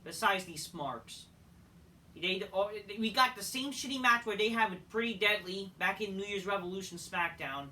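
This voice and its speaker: A man reviewing a wrestling show in a profane, exasperated rant, full of rhetorical questions, swinging from loud outbursts to flat mutters. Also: sits high, moderate pace. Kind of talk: ranting solo show review. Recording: distant mic, faint background noise.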